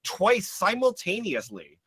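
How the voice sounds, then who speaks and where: Comedy podcast host, young man, lively swoops, lots of "uh" and laughs. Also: high-pitched, slow, slightly rough, dry recording, clean studio sound. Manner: laughing, rambling with many fillers. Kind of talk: comedy podcast livestream chat.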